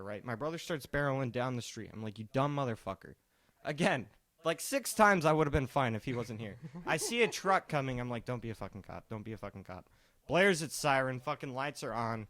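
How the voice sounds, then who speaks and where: A man's voice: very animated, brisk, fairly bright tone, no room sound. Laid-back man telling a profane story. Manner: profane, laid-back, quotes people in a lowered voice. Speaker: podcast co-host. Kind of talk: casual storytelling.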